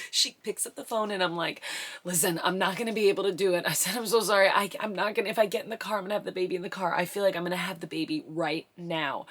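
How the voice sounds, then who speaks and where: A young woman vlogger telling a story to her camera, breathless and excited, acting out the quotes she recalls. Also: mid-range voice.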